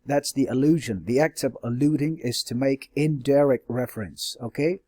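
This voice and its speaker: Warm in tone and at a normal speed, a mid-range male voice delivers a classroom lecture on stylistic devices. The teacher explains step by step, hesitating with fillers, correcting himself, and often checking "all right?". The recording has no room sound.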